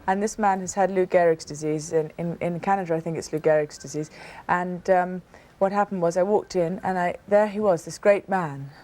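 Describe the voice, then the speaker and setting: A woman's voice: on the low side, fairly even intonation, normal speed, hardly any pauses, warm tone. A British woman in her thirties, a talk show guest telling personal stories with earnest emphasis and frequent restarts. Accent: British English. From Britain. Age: 30s. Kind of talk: personal storytelling in a TV interview.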